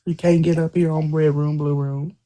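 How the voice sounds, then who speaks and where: Low mellow-voiced woman, brash and teasing, cussing on a live stream. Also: little pitch movement, fairly quick. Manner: brash, teasing, swears casually. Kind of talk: casual chat.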